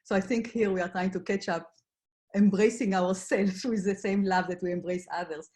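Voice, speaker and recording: A woman who grew up in Israel, gently guiding a reflection exercise in an online workshop, with frequent pauses and fillers. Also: medium pitch, fairly even intonation. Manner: gentle, hesitant, many fillers. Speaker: workshop facilitator.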